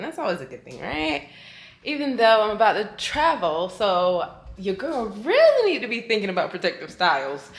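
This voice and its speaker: A woman's voice: mid-range voice, huge pitch swings, normal speed, roomy sound. A woman, talking to camera in a casual vlog, chatty and blunt, swearing freely. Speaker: vlogger.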